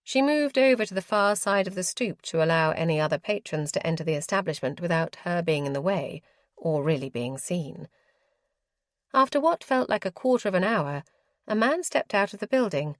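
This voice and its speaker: A woman narrating a historical romance audiobook in a measured, expressive storytelling manner. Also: on the low side, no echo, studio quality. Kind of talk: scripted narration.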